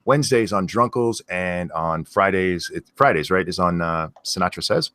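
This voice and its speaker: A man's voice: low voice, normal speed, a bit bright, dry recording, studio quality. An American man hosting a casual stream, joking and reading viewer questions aloud. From United States.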